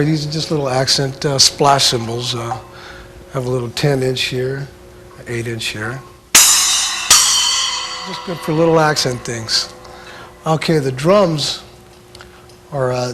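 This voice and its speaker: A man giving a casual drum lesson, talking in a laid-back, halting way full of filler sounds. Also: medium pitch, noisy background. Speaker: drum instructor. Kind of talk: casual instructional talk.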